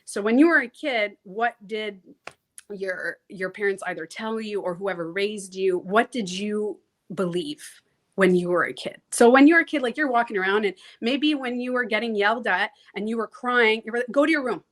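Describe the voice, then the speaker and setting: Woman guest coach, mid-pitched, lively and chatty, mimics voices, casual swearing. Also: moderate pace. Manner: animated, acts out inner voices, laughs easily, swears casually. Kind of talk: casual interview talk.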